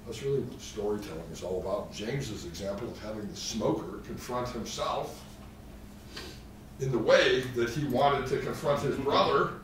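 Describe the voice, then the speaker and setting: A man with a mid-range voice speaks at normal speed while giving a live therapy training lecture, peppered with joking, self-deprecating asides. The room is echoey, the mic distant, with faint noise.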